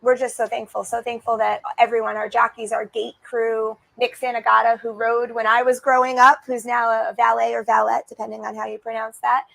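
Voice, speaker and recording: A woman in her thirties talks with gushing, heartfelt enthusiasm, often restarting her sentences. Her voice sits a little high with a gravelly fry, and the recording is close and dry. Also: level tone, a little fast, hardly any pauses, fairly bright tone, dry recording, low-quality recording. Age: 30s. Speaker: racing program guest. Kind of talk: enthusiastic interview talk. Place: racetrack broadcast set.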